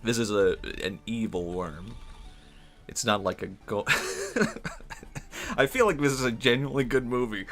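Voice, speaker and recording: A man's voice: medium pitch, expressive, measured pace, a bit bright, soft background music. A man streaming a game and chatting casually, rambling and giggling through playful, absurd tangents. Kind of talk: casual gameplay commentary.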